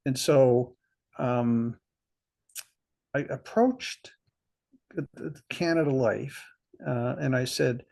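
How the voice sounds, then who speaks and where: A man's voice: medium pitch, very slow, creaky, pauses often, darkish tone. An older man telling stories from his career as a guest in a conversational interview, reflective and chuckling at himself. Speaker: interview guest, insurance veteran.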